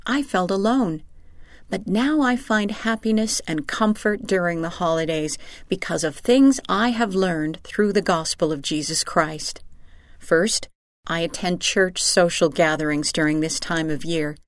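A woman giving a measured, sincere scripted reading of letters. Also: lowish voice, no echo, studio quality.

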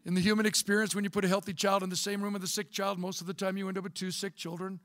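A man's voice: high voice, little pitch movement, rapid-fire, fairly bright tone, no echo, studio quality. A middle-aged man telling a personal story in a folksy, conversational talk. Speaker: speaker, former bishop.

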